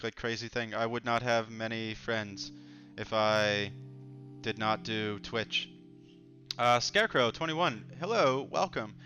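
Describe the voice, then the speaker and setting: A man with a medium-pitched voice that sounds bright, forceful, clear and resonant hosts a casual livestream, joking easily and reading chat comments aloud as he goes. The stream audio is dull and lo-fi, with faint music underneath.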